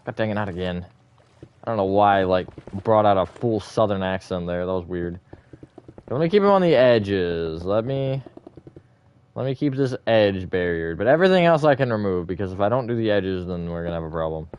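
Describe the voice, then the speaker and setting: A man's voice: lowish voice, expressive, brisk, smooth, dull audio. A man hosting a live stream, chatting casually with viewers in a rambling, self-correcting way and laughing often.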